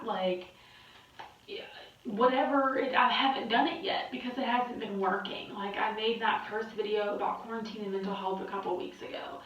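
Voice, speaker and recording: A woman's voice: mid-range voice, steady tone, moderate pace, fairly bright tone, slight background noise. Weary woman in a very echoey room. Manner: weary, candid, rambling, swears. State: exhausted. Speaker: vlogger. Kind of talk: candid personal vlog. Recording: very echoey, distant, muffled.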